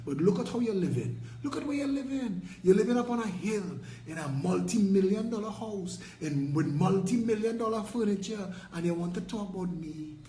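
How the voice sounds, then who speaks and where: A man's voice: high voice, lively intonation, normal speed, few pauses, mellow, echoey room, slight background noise, rough recording. A man with a Trinidadian accent, a political party leader delivering an impassioned, combative and preachy rant with mocking jabs.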